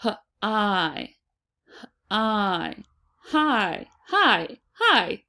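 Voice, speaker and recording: A woman teaching a phonics lesson to children, sounding out and repeating words slowly and deliberately. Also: medium pitch, big pitch swings, pushed and bright.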